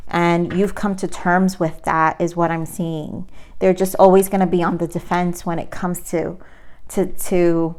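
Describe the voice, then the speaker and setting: Tarot reader, woman, slightly low voice, earnest and repetitive delivery. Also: a little mellow. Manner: earnest, emphatic, repeats herself. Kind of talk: tarot reading for viewers.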